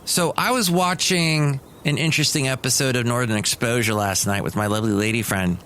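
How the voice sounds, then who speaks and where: A man's voice: mid-range voice, brisk, a bit bright. Solo podcast host, middle-aged man, dry meandering chatter, faint hiss. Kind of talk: rambling solo comedy podcast.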